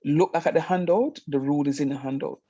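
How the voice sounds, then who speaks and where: A man's voice: fairly high pitch, fast, husky, no echo, dull audio. A man teaching a math class over a video call, telling stories with emphasis before explaining rules. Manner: animated storytelling, emphatic. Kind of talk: online math lesson.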